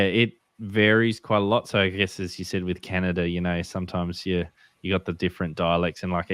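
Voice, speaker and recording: An Australian man with a very low voice talks in a relaxed, halting way, full of fillers and restarts. The sound is dry and close, with no room around it. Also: clean tone, no room sound. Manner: hesitant, many fillers and restarts. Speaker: guest ham radio operator. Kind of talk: casual podcast chat.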